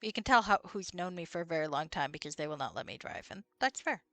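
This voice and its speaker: A woman's voice: on the low side, animated, fast talker, a bit bright, no room sound. A woman streaming a computer role-playing game, chatting casually, swearing and reading out the characters' lines. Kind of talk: casual let's-play chat with read-aloud dialogue.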